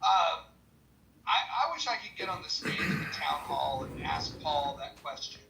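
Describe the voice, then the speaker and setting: A speaker with a very bright, sharp tone rambles on, stumbling and restarting mid-sentence. The voice carries a noticeable room echo. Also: medium pitch, normal speed, vocal fry, slight background noise. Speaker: participant in a social audio room. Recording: echoey room sound.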